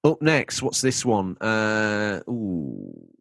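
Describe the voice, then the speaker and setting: A man co-hosting a gaming podcast, reading out listener messages in a jokey, lively way. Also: on the low side, moderate pace, dry recording, studio quality. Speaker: podcast co-host. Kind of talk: casual chat.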